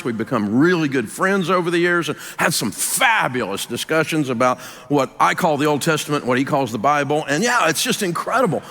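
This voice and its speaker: An older man with a Southern US accent giving a folksy, emphatic business talk, dropping his voice low to stress points. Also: a bit bright, long reverb tail. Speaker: business speaker and radio host.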